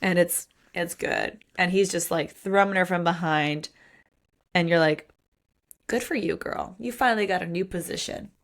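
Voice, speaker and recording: A woman's voice: on the low side, moderate pace. A woman co-hosting a podcast, chatting candidly and animatedly about a romance novel and acting out its lines. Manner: candid, animated, acts out quotes. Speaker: podcast co-host. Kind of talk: casual book chat.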